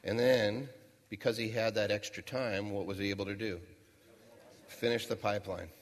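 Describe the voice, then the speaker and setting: This middle-aged man's voice is fairly low and steady at a moderate pace. He's giving a storytelling keynote as a motivational speaker, spinning a folksy tale and asking the crowd rhetorical questions, with the long echo of a big hall around him.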